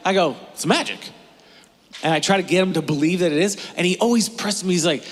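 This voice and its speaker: Chatty high-voiced pastor. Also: male voice, fast talker. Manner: chatty, storytelling with playful voices. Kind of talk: casual sermon. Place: church. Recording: long reverb of a church hall.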